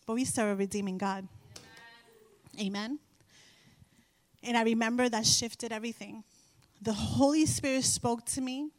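A middle-aged woman sharing a Christian testimony with an audience, telling her story in an animated way and repeating phrases for emphasis. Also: a little high, moderate pace, pauses often, no room sound. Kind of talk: faith testimony told to an audience.

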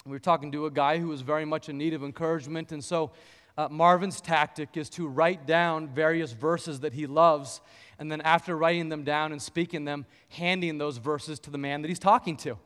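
High-voiced preaching pastor in a hall. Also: male voice, steady tone, fairly quick, a bit bright, clear, resonant tone. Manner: storytelling, rising into fervent preaching with scripture. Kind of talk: sermon. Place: church sanctuary.

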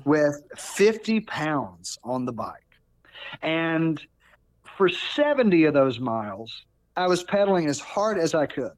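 A man in his thirties telling a personal story in casual talk, animated, often restarting and repeating words. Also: on the high side, slow pace, dry recording. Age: 30s. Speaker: podcast guest.

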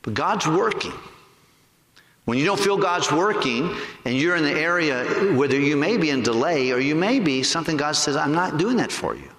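A man preaching a sermon to his congregation. He asks them rhetorical questions and stretches key words slowly for emphasis. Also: on the high side, lively intonation, fairly bright tone. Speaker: pastor. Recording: echoey hall with long reverb.

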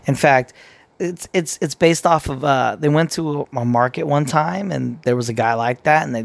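A man with a medium-pitched, fry-heavy voice delivers a casual opinion rant. He's blunt and profane, rambling and restarting sentences as he goes.

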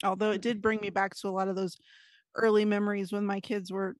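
A woman's voice: mid-range voice, level tone, fast talker, no room sound, studio quality. A woman, likely in her thirties or forties, guesting on a casual podcast and telling personal stories in an earnest, anxious way. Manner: earnest storyteller, anxious, frequent fillers. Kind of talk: casual chat.

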